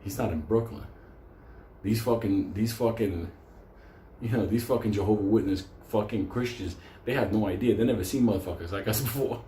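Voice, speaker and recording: A man's voice: on the low side, fairly quick, warm tone, echoey room, slight background noise. A man telling a wild story in a casual, profane way, often laughing as he talks. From New York.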